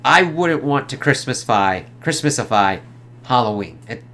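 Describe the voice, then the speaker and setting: A man's voice: medium pitch, lively intonation, normal speed, bright, forceful tone, a little hiss or hum. A man giving a casual, rambling film review, swearing freely and leaning on filler words.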